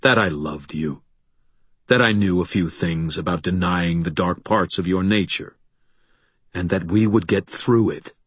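A man voicing a brooding adult vampire brother, steady but cutting and sarcastic, in an audiobook. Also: sits low, a little slow, husky, dry recording. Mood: tender. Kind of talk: audiobook dialogue.

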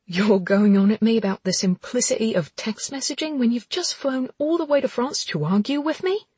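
A woman doing a sharp-tongued fiery woman. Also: big pitch swings, moderate pace, breathy edge, no room sound, heavily acted. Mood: biting. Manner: higher, biting and sarcastic.

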